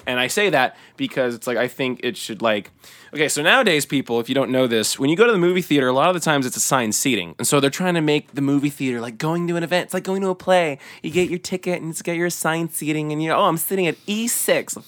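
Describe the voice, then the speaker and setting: A man's voice: on the high side, fast talker, fairly bright tone, no echo. Young guy cohosting a movie podcast, cussing and joking around, dead dry mic. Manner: profane, joking, does impressions. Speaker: podcast co-host. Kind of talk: casual chat.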